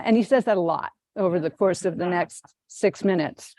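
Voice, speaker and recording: Low-voiced woman giving a dharma talk. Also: no echo, clean studio sound. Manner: unhurried, gently amused storytelling. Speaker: Zen teacher.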